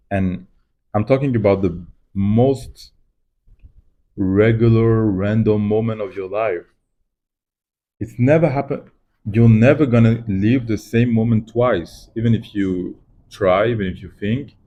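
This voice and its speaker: Guy vlogging at home, slow and rambly, low mellow voice. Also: highs cut off. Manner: rambling, reflective, self-mocking. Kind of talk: casual to-camera chat. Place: at home, doing crafts.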